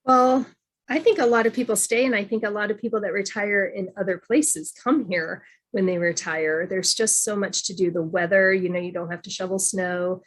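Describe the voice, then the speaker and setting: A woman chatting casually as a guest from Reno, halting, with many fillers and restarts. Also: medium pitch, fairly even intonation. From moved to Nevada from elsewhere. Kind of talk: casual online chat.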